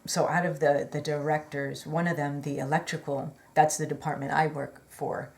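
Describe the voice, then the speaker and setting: A woman's voice: low voice, level tone, moderate pace, creaky, darkish tone. A woman telling a personal story in a chatty, rambling way, earnest and full of fillers and apologetic asides. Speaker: vlogger.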